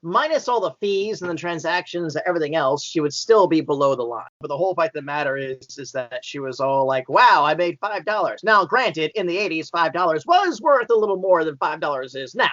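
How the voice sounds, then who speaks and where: A man in his fifties rambles through a casual podcast chat. He circles back, restarts and fills gaps with um and uh. His voice sits slightly high and is recorded close and dry with a dull, muffled sound. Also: lively intonation, fairly quick, hardly any pauses, a bit bright, no room sound. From born in Tennessee, raised in Indiana and Florida. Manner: rambling, many restarts and filler words. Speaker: podcast guest.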